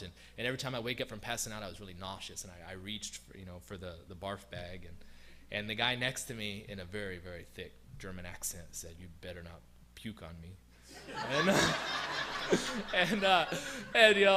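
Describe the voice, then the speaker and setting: A man's voice: fairly low pitch, bright, forceful tone, slight background noise. A young man, a guest missionary, telling a church congregation a personal story in a conversational, self-deprecating way, full of fillers and restarts. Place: church sanctuary.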